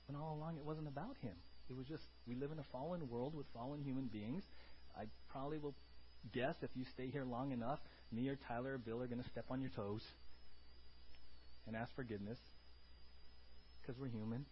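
A man preaching a sermon as pastor, moving from quiet, conversational talk to loud, shouted exclamations. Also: mid-range voice, fairly even intonation, fairly quick, pauses often, highs cut off, a little hiss or hum.

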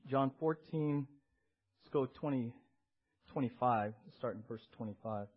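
A man's voice: mid-range voice, a little slow. A man preaching a sermon to his church, emphatic, asking rhetorical questions and repeating key words. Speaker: pastor. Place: church service. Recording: dull lo-fi sermon audio.

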